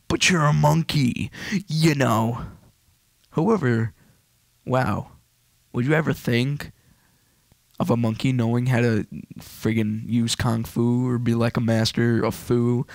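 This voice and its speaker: Hyper, fast-rambling male gamer. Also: medium pitch, steady tone, vocal fry, no room sound. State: wired on energy. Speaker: let's play gamer. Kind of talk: video game commentary.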